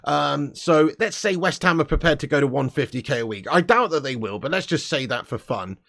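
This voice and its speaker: Bloke on a live stream swearing and ranting, voice on the high side. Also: male voice, lively intonation, a little fast, vocal fry, a bit bright. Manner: sweary, blunt, laughing rants. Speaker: host of a fan channel live stream. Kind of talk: casual live-stream commentary.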